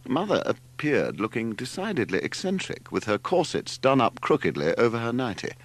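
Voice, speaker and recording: A man narrating an audiobook in an expressive storytelling manner. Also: medium pitch, moderate pace. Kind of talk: scripted narration.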